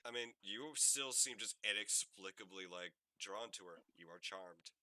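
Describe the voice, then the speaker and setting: A man's voice: fairly low pitch, moderate pace, sharp tone, dry recording. A man running a tabletop game as game master, narrating loosely with many fillers. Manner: meandering, many "like" fillers, descriptive.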